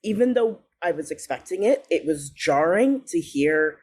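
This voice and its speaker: Woman, low-ish voice, casual podcast chat, enthusiastic, laughs a lot. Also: lively intonation, normal speed, a little mellow, slightly rough. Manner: enthusiastic, chatty, laughs often. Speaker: podcast co-host.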